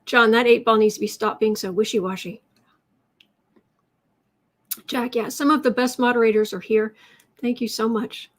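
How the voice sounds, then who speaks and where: A woman's voice: on the high side, steady tone, normal speed, long pauses. Chatty woman reading viewer questions. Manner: chatty, reads out questions, talks to her cat in a soft baby voice. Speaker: tarot reader taking viewer questions. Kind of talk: casual livestream chat.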